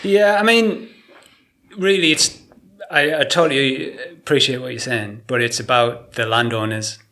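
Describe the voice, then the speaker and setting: A middle-aged man from England talks in a loose, animated way, often breaking into laughter. His voice is bright and forward, at an ordinary pitch. He sounds like a podcast guest chatting casually. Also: measured pace. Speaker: guest artist. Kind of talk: casual chat.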